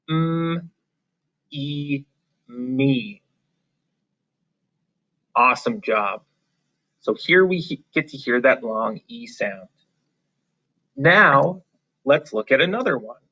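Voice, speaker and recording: Guy teaching kids phonics, super slow and encouraging, bright voice, kinda dull lo-fi recording. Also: medium pitch, lively intonation. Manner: patient, encouraging, slow and clear with drawn-out sounds. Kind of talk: phonics lesson for young children. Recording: slightly dull, lo-fi.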